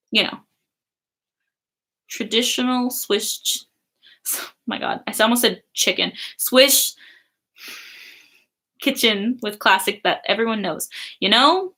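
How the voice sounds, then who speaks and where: A woman's voice: medium pitch, pushed and bright. A young woman chatting casually on a livestream, reading chat and laughing often. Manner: giggly, chatty, many fillers.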